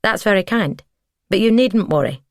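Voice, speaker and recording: A woman's voice: mid-range voice, expressive, moderate pace, no room sound, studio quality, voice pushed up, lightly acted. A woman voicing a nervous, polite older man in an audiobook reading. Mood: politely refusing. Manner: polite, hesitant. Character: nervous older male neighbour, flustered.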